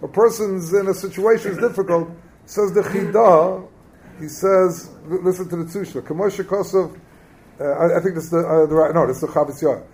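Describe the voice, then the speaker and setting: Torah teacher, male, slightly high pitch, explains texts and quizzes the class. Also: fairly even intonation, fairly quick, a little mellow, a little hiss or hum. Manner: explanatory, mixing Hebrew terms into English, quizzing the class. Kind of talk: Talmud class lecture.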